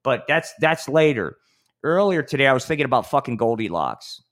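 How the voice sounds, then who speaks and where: A man's voice: mid-range voice, sing-song, fairly quick, a bit bright. Rambling profane male podcast host. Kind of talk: profane comedic riffing.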